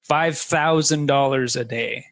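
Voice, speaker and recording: A man's voice: medium pitch, slow pace, a bit bright, no echo, poor audio. A man, a guest, telling a story in casual conversation, rambling with lots of fillers.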